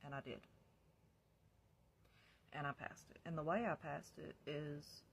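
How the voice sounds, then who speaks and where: A woman's voice: low voice, fairly even intonation, a little slow, slight background noise. Candid woman telling her story casually. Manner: candid, drops to a whisper when quoting herself, laughs in places. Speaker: storyteller recounting her past.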